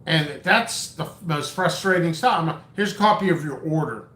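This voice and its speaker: A man's voice: a little high, normal speed, bright, forceful tone. A man hosting his own channel, ranting in a long-winded, stammering, exasperated way. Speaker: seed seller and channel host. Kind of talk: rambling vlog rant. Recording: echoey room.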